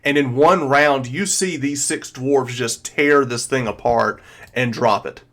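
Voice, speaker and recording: A man narrating as game master of a tabletop game, pausing often with fillers as he describes the action. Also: mid-range voice, fairly bright tone. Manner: hesitant, filler-heavy narration.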